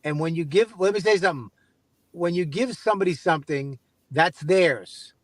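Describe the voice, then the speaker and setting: High-voiced man teasing his co-host. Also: normal speed, dry recording, poor audio. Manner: incredulous, teasing, scolding. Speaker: podcast co-host. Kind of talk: casual chat.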